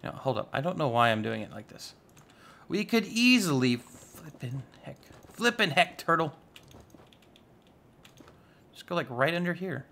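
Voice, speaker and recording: A man's voice: on the high side, big pitch swings, a little slow, vocal fry, long pauses, a bit bright. A man giving casual, chatty commentary while playing a modded block-building game, rambling with playful asides. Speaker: Minecraft YouTuber.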